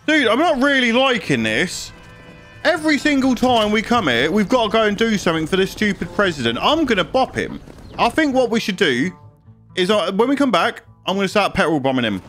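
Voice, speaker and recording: A young man with a British accent giving rowdy, excitable let's-play commentary in a mock-outraged manner. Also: high-pitched, fairly quick. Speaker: gaming youtuber. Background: game music.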